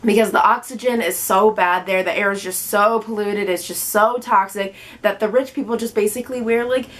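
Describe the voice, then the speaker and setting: A woman's voice: mid-range voice, steady tone, normal speed. A young woman in her twenties, chatting to the camera about books in a bubbly, playful way and slipping into silly voices. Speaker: book vlogger. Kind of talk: casual chat to camera.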